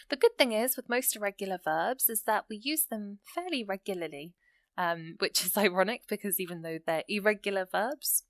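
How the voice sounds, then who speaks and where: A woman gives an English grammar lesson, walking through the rules step by step and slowly reading example sentences aloud. Her voice sits in the mid range, and the recording has no echo.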